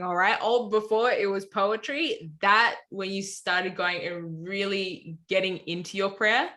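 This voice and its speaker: A woman's voice: medium pitch, fairly even intonation, measured pace, few pauses, pushed and bright. Australian woman, casual chat, rambling storyteller with filler words. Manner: rambling, many "anyway" and "like" fillers. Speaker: podcast co-host.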